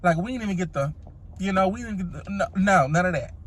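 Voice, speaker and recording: A woman's voice: on the low side, animated, fast. A woman telling a dramatic story to the camera in a casual vlog, sassy and profane, calling her listeners honey and child. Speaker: storytime vlogger.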